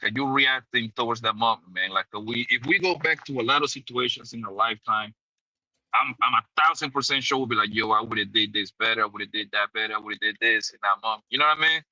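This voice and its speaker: A man's voice: medium pitch, fairly quick, pushed and bright, dry recording, highs cut off. A man co-hosting a casual livestream, laid-back and full of slang.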